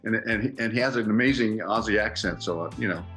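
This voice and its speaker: A man's voice: on the low side, fast talker, fairly bright tone, soft background music. A man hosting an interview, asking casual questions in a friendly, encouraging way, with hesitant fillers. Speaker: interviewer host.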